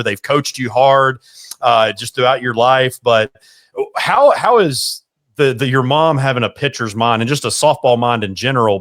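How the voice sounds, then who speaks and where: A man's voice: medium pitch, fairly bright tone, no echo. A man hosting a sports podcast, asking long, rambling questions. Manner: rambling questions with fillers and restarts. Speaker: podcast host. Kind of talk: casual sports podcast interview.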